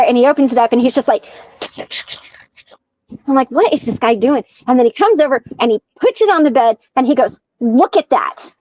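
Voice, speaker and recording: High-voiced woman telling an animated story. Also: no echo. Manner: animated storyteller acting out quoted dialogue. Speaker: podcast guest. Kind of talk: casual storytelling. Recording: dull lo-fi sound.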